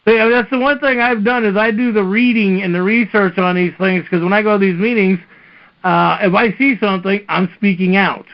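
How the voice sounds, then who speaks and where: A man's voice: high-pitched, fairly even intonation, a little fast. A man hosting a casual talk-radio chat, telling long rambling stories over a dull lo-fi stream. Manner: rambling storyteller. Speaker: host.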